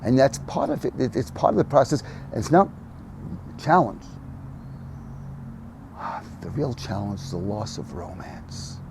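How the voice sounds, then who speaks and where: An older man speaking as a podcast guest, telling stories animatedly, dropping to soft murmurs and rising to loud emphatic bursts. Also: medium pitch, sing-song, measured pace, gravelly, pauses often, noisy background. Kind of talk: conversational storytelling.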